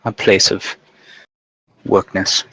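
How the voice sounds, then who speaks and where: A man's voice: slow pace, bright, forceful tone, slight background noise. A man running a live-streamed tabletop game, recapping the last session in a casual, joking way with frequent restarts. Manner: casual, joking, self-interrupting. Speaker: dungeon master.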